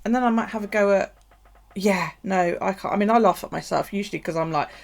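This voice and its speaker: In her home craft space, a woman with a mid-range, creaky voice talks fast while crafting on a live stream. She rambles casually, swears freely, and laughs at herself.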